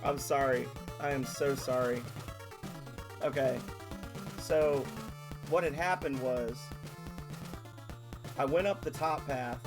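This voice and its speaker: A man streaming a video game live, chatting excitedly with viewers and laughing often. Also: medium pitch, slow pace, pauses often. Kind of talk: live-stream gaming commentary. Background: video game music.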